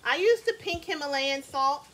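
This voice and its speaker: A woman's voice: high voice, lively intonation, normal speed, a bit bright. A woman cooking at home, chatting to her viewers in a casual way, often saying "y'all" and asking them questions. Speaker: cooking vlogger. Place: home kitchen.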